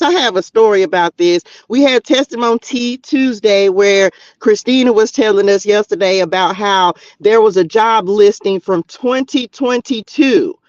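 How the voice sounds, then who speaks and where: Animated slangy guy on a livestream, preaching and pulling tarot cards, pretty high voice. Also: dry recording, lo-fi sound. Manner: animated, slangy, talks straight to viewers. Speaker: spiritual livestream host reading tarot. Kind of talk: casual preaching to a live chat. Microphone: streaming mic.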